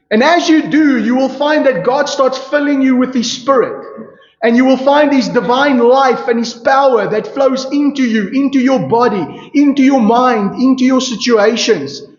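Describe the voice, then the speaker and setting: A high-voiced male pastor preaches emphatically at normal speed in a church hall, firing off rhetorical questions and repeating "you see." The congregation calls out responses. The recording is echoey, dull and lo-fi.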